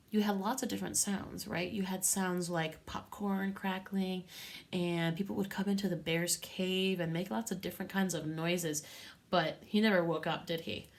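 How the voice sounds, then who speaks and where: A woman's voice: lowish voice, steady tone, moderate pace, vocal fry. A woman teaching a music lesson to young children, patient and encouraging, with a sing-song teacher manner.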